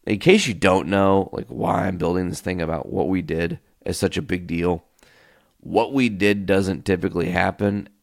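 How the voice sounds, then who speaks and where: Deep gravelly podcast host telling stories. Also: male voice, moderate pace, no echo, studio quality. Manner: animated, tells stories by acting out quoted voices; casual and loose, swears freely. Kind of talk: casual solo storytelling.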